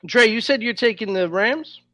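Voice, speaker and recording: A man with a high, sharp, bright voice runs a casual sports podcast. He polls his co-hosts and breaks down the matchups analytically. The sound is close and dry. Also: moderate pace, dry recording. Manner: analytical, moderating.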